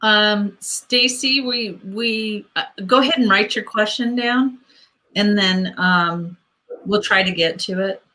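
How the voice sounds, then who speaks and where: A woman's voice: medium pitch, slow pace, bright, forceful tone, rough recording. A middle-aged woman co-hosting a live spiritual Q&A, chatting and calling on viewers' questions. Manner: chatty, runs the queue of questions. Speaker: co-host and intuitive reader.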